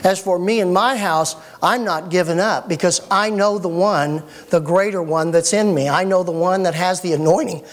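A middle-aged man preaching a sermon as pastor, folksy and animated with joking asides. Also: high-pitched, moderate pace, hardly any pauses.

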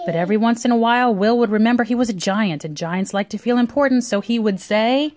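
A woman reading a picture book aloud to a young child at home, with expressive storytelling. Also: fairly high pitch, quick pace. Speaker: reader.

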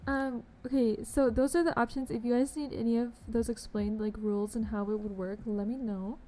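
A woman's voice: fairly high pitch, fairly even intonation, fairly quick, dark tone. A young woman chatting casually on a game live stream, bubbly and chatty, greeting viewers with pet names. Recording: faint background noise.

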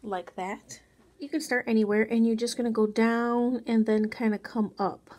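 A woman casually talking viewers through a drawing tutorial, chatty and softly spoken, with rambling asides. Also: on the high side, fairly even intonation, moderate pace. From Mexican background.

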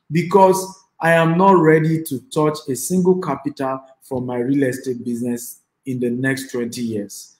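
A man's voice: on the high side, darkish tone, roomy sound, low-quality recording. A man with a Nigerian accent giving an online class as a real estate investor and trainer. He speaks emphatically and repeats phrases, and he urges the audience to type replies.

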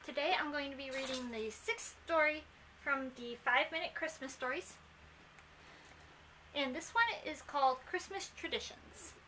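Young woman host, friendly storybook reader; high, bright voice. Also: normal speed, recorded from a distance, slight background noise, poor audio. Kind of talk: storybook read-aloud.

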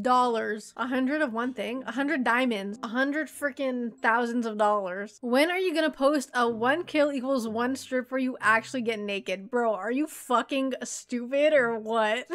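A woman's voice: a little high, a bit bright. A Canadian woman in her twenties, a YouTuber bluntly answering viewer questions with lots of swearing and jokes. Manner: blunt, profane and joking.

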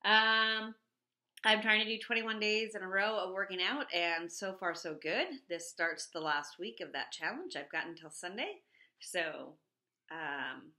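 Woman, middle-aged, casual chat, bright tone, roomy echo. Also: measured pace. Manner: chatty and animated, acting out quotes in a high voice. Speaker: vlogger. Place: home.

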